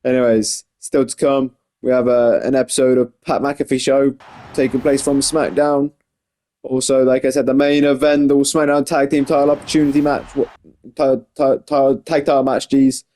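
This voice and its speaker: A young man commentating a wrestling video game in casual play-by-play, excitable, often saying "jeez" and correcting himself mid-sentence. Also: medium pitch, poor audio.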